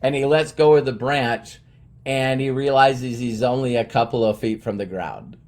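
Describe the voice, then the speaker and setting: A man's voice: mid-range voice, moderate pace, a little mellow. Earnest middle-aged man, rambling talk. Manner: earnest, rambling, with frequent restarts. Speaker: motivational speaker. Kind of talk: personal motivational monologue.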